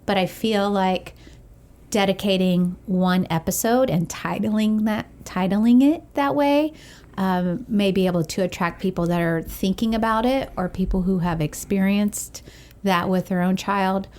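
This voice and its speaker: A woman's voice: medium pitch, unhurried, a little mellow. A woman in her thirties co-hosting a parenting podcast, chatting casually, giggling often and thinking things through. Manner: giggly, thoughtful. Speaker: podcast co-host. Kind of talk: casual chat.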